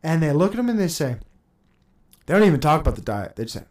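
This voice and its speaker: A man's voice: fairly high pitch, big pitch swings, quick pace, pauses often, darkish tone. A man in his thirties hosting a podcast, ranting in a heated, profane and sarcastic monologue, laughing between points. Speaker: podcast host.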